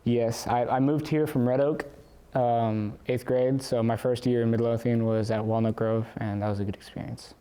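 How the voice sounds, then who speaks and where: A teenage boy answering interview questions for his school yearbook, relaxed and hesitant, with many fillers and restarts. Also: medium pitch, normal speed, smooth. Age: teens. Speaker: student interviewee.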